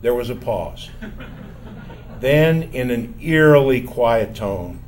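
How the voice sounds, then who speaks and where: An older man telling a personal story from his college years in a measured, wry, self-mocking way. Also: mid-range voice, lively intonation, a little hiss or hum.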